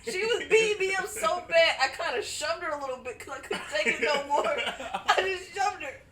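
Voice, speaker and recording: A woman's voice: extremely high pitch, normal speed, far from the mic, background noise. A woman chatting casually with friends, laughing as she tells a story. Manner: laughs while telling her story. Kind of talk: casual chat. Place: at home with friends over wine. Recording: roomy, away from the mic.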